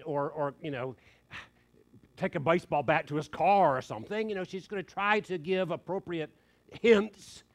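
An older man preaching a sermon, telling a family story in an earnest, conversational way. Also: fairly high pitch. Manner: earnest, conversational, quoting others in lively asides.

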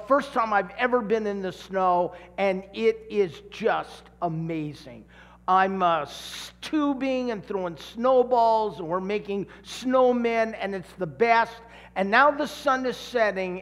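A middle-aged pastor from California preaches with a high voice that rings through a long hall reverb. He takes his time, then acts out the voices in his story with real animation. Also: fairly bright tone. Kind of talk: sermon with personal story.

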